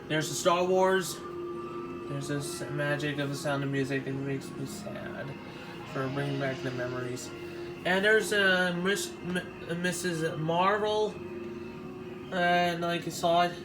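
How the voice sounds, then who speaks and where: A man vlogging as he walks through an exhibition, talking in a halting, nostalgic way with frequent restarts. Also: fairly high pitch. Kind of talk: casual walk-through commentary.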